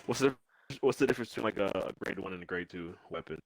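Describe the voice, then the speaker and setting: A man's voice: deep voice, fast, vocal fry. A man taking his turn as a player in a tabletop game, stumbling and restarting often as he speaks in character. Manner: hesitant, stumbling, lots of ums and repeated words.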